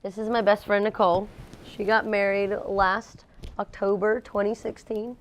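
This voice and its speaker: Speaking at a moderate pace with a medium-pitched voice, a young woman who works as a pastry chef shares stories in a casual interview. She's animated and often laughs while acting out others' words.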